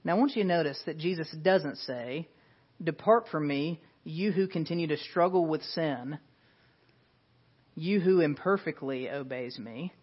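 A man's voice: fairly high pitch, a little slow, slightly rough. A man preaching a sermon as pastor, earnest and emphatic, asking rhetorical questions. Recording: dull lo-fi sound.

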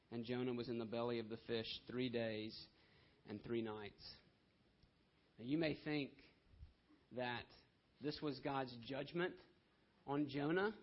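A man preaching a sermon in a conversational way, often checking in with "right?" and slowing down to read scripture. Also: mid-range voice, dull audio. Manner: slows down to stress scripture.

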